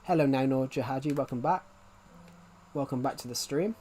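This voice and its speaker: A man's voice: medium pitch, moderate pace, darkish tone, a little hiss or hum. A young man in his twenties chatting casually on a live game stream, rambling and restarting his sentences as he talks. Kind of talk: casual live-stream chat while playing.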